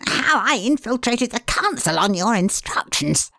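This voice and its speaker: A woman's voice: on the high side, big pitch swings, measured pace, fairly bright tone, no room sound, voice pushed up, heavily acted. A woman voicing a desperate, grovelling ex-mayor who pleads and begs.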